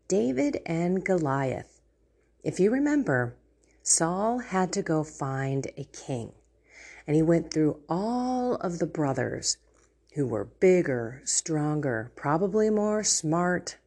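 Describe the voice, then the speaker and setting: Woman host, low husky voice, slow, animated faith storyteller. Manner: animated storytelling, laughs often. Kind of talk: casual faith talk.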